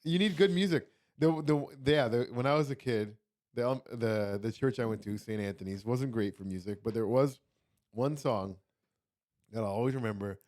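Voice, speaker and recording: A man's voice: mid-range voice, moderate pace, darkish tone. Joking young man, comedian guest. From Canada. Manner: joking, storytelling. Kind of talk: casual chat.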